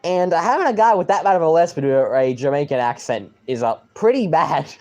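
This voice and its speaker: A young man streaming live, rambling excitedly and with mild swearing as he reacts to a football game. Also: fairly high pitch, fairly quick.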